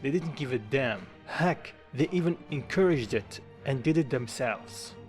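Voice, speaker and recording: A man's voice: medium pitch, expressive, a little slow. A man reading a dramatic fan-fiction story aloud and doing every part himself, with small grammar slips. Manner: reads all lines himself, quotes only lightly acted; non-native grammar slips. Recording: faint music behind the voice.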